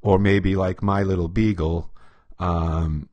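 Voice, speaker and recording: This lo-fi clip without echo features a man whose low, darkish voice stays steady and slow. He works as a behavior profiler and explains personality types to camera through storytelling, frequently chuckling and performing quotes.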